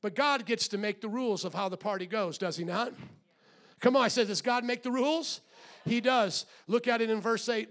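A middle-aged pastor with a notably high voice preaches in church at normal speed, dropping to a hushed, low delivery before building to loud, shouted exhortation. He acts out quoted voices and puts questions straight to the congregation.

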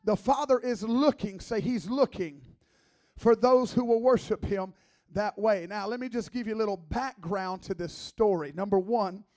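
A man's voice: sits high, moderate pace. A man in his thirties preaching as a guest, a joking, conversational sermon full of teasing asides. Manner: playful, teasing, lively asides.

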